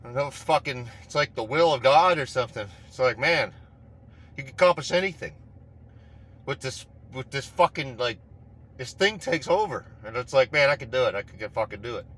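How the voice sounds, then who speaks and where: A man's voice: mid-range voice, expressive, moderate pace, fairly bright tone. A man giving a casual, rambling motivational talk, swearing constantly and speaking with raw intensity.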